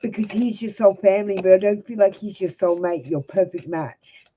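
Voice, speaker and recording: A woman's voice: medium pitch, normal speed, dark tone, poor audio. Blunt Australian woman reading tarot. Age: young adult. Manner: blunt, direct advice to viewers. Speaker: tarot reader. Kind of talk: live-stream tarot reading.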